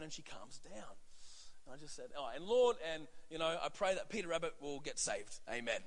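Male pastor, sermon, high bright voice, chatty asides, church hall reverb. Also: lively intonation, a little fast. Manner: conversational, many fillers and asides.

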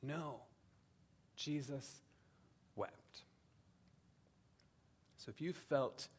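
A man preaching a sermon, speaking earnestly with slow, emphatic pauses and frequent "um"s. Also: on the low side, gravelly. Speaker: pastor.

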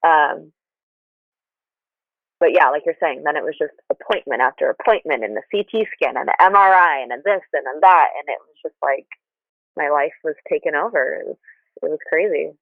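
A woman's voice: low-pitched, a little fast, no echo. A woman guest telling her story candidly, rambling with frequent restarts. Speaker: podcast guest. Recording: tinny phone line, dry.

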